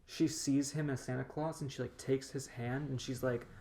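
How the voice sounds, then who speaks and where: A woman's voice: very deep voice, steady tone, normal speed, warm tone. A woman co-hosting a podcast, animatedly retelling movie scenes in casual chat. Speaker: podcast co-host.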